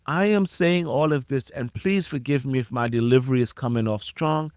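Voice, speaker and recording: A man's voice: medium pitch, moderate pace, darkish tone, clean tone, no room sound, clean studio sound. A middle-aged man hosting a solo podcast, delivering a passionate, preachy rant straight at his listeners and repeating his points for emphasis. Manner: passionate, preachy direct address, repeats himself. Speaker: podcast host.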